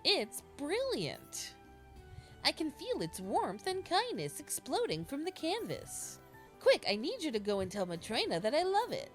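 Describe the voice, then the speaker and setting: A woman's voice: high-pitched, wildly swooping pitch, measured pace, soft background music, pitched above the performer's own voice, exaggerated voice. A woman voicing an earnest, lovestruck young man in a video game, reading his lines aloud.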